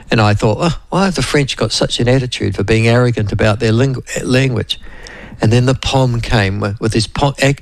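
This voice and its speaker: A man with a New Zealand accent hosting a casual talk radio show, rambling and chatty with lots of fillers. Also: mid-range voice. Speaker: radio host.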